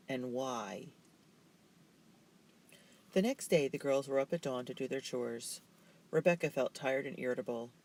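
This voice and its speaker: A man narrating a children's novel in a steady, measured way. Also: mid-range voice, poor audio. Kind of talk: reading a children's novel aloud.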